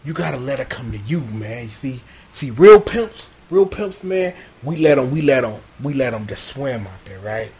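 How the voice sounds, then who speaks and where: A man voicing a smooth-talking adult male pimp who gives advice in hushed, laid-back street slang. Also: mid-range voice, big pitch swings, moderate pace, few pauses, pitched below the performer's own voice. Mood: coaxing.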